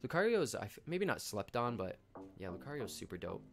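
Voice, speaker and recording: A young man from Canada hosting a live stream, chatting excitedly in slang and greeting viewers by name. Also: medium pitch, fairly quick, creaky. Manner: hyped, slangy, shouts out chat viewers by name. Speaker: livestream host. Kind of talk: casual live stream chat.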